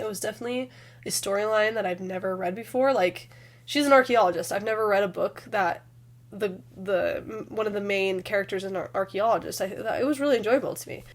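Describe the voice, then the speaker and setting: A woman with a sick, hoarse voice, chatting casually and rambling a bit as she reviews books in her vlog. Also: medium pitch. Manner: chatty, rambling with fillers and restarts. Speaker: book vlogger. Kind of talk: casual chat.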